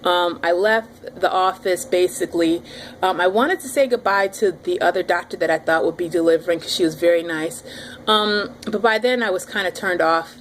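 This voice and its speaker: A pregnant woman in her thirties telling her audience a story in a casual, animated vlog. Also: fairly low pitch, normal speed, slight background noise. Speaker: vlogger.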